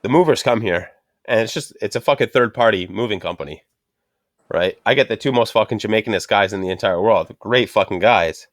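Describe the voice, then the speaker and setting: Low-voiced man ranting profanely. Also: brisk, no echo, studio quality. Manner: swears constantly, ranting and animated. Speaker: podcast host. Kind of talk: profane casual storytelling.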